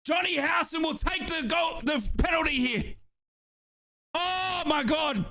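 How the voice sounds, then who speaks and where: A young man from Australia giving excited, breathless live commentary on a football match as a fan streamer, shouting and chanting along. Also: very high-pitched, a little slow, gravelly.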